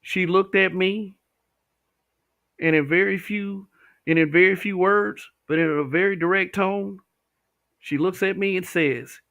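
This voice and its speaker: A man's voice: sits high, steady tone, a little slow, long pauses, no echo, narrow, tinny audio. A man hosting a livestream, talking bluntly with profanity and reading viewer comments. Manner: blunt, profane, talks back to chat.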